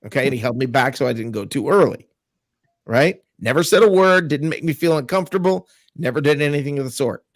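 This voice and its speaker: A man's voice: medium pitch, expressive, fairly quick, no echo, clean studio sound. A man earnestly telling a story from his childhood on a sports talk show. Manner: earnest, recounting a childhood memory.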